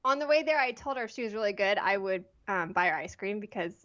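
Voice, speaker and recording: A woman in her thirties, a podcast guest telling a personal story in a chatty, animated way with lots of "like". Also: medium pitch, quick pace, highs cut off. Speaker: guest, photography blogger. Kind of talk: casual interview storytelling.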